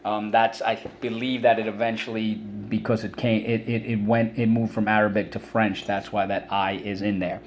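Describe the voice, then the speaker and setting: A man's voice: fairly low pitch, flat delivery, normal speed, hardly any pauses, slight background noise. A middle-aged male teacher giving a spelling and vocabulary lesson to children, patiently explaining each word with many examples.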